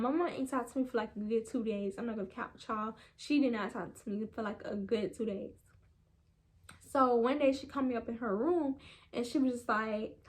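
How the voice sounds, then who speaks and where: A young woman vlogger chatting casually, retelling a story in a rambling, animated way with quoted voices. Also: fairly high pitch. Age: young adult.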